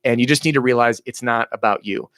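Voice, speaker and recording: An energetic man in his thirties coaches salespeople live, blunt and motivational. His voice sits in a middle pitch and sounds dry and close, with no room around it. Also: quick pace, clear, resonant tone, no room sound. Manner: energetic, blunt, motivational, acts out quoted dialogue. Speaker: sales trainer hosting a live Q&A.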